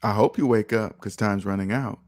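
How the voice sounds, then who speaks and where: A man's voice: fairly low pitch, brisk, darkish tone, no echo, clean studio sound. A man in his thirties hosting a personal finance show, talking casually and passionately, repeating his points like a preacher. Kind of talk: casual talk monologue.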